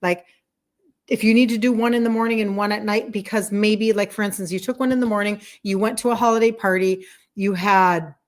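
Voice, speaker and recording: A woman's voice: mid-range voice, steady tone, a little fast. A woman in her sixties, a wellness coach chatting effusively with viewers on a live stream, rambling and laughing as she talks. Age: 60s. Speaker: wellness coach selling supplements.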